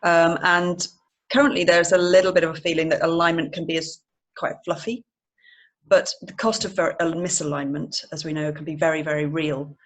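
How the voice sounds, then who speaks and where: A woman's voice: deep voice, fairly even intonation, moderate pace. A woman hosting an online webinar over a video call, chatty with many fillers. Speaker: webinar host.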